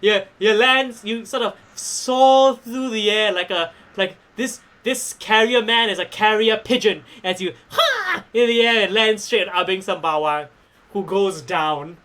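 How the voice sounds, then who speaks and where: A man's voice: high-pitched, a bit bright. A man acting as game master for a tabletop wrestling game, narrating with playful jokes and swearing. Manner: playful, swearing, quick to joke.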